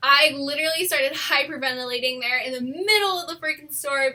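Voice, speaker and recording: A young woman telling a personal story in a casual, animated way, swearing often and saying "like" a lot. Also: high-pitched, moderate pace, few pauses. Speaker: storytime vlogger.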